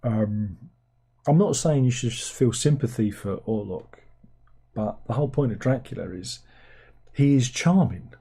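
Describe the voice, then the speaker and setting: A man talks casually into a desk mic on a livestream, rambling and sardonic, jumping now and then into high incredulous exclamations. His voice sits mellow and dark in tone. There is a soft, husky grain to it. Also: animated, unhurried. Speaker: livestream host reading chat. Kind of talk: casual chat.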